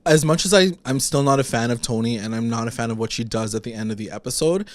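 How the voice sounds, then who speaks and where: A man co-hosting a casual podcast, with a voice of middling pitch. He recaps a TV episode in animated chat, slipping into the characters' lines as he goes. His talk is loose and full of fillers. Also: fast, no echo. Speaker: podcast co-host.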